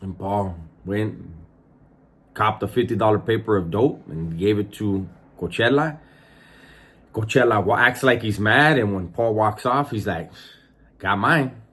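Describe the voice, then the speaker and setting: Husky-voiced man telling prison stories. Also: lowish voice, unhurried, fairly bright tone. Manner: profane, acts out voices in his story. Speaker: former prison inmate storyteller. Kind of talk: casual storytelling.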